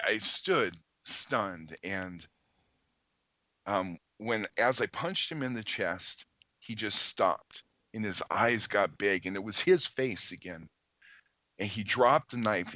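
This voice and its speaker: A man, a podcast guest, earnestly telling a story in conversation, halting with many ums and restarts. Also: lowish voice, lively intonation, pushed and bright, no room sound, lo-fi sound.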